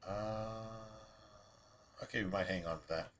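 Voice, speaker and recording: A man's voice: low voice, a little slow, a bit bright, slight background noise. A man streaming a video game, chatting casually in a rambling way, full of restarts and asides. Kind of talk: casual chat while streaming gameplay.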